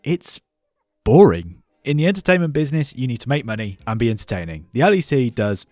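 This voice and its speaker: A man's voice: mid-range voice, lively intonation, fast talker, no room sound, faint music behind. A young British man giving blunt, sarcastic, opinionated commentary on a close, dry mic. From United Kingdom. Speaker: esports commentator.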